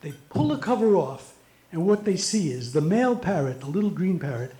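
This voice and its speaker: A middle-aged man doing stand-up comedy at a comedy venue, telling long joke stories in an animated way. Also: high-pitched, a little fast. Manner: animated storyteller. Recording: roomy echo.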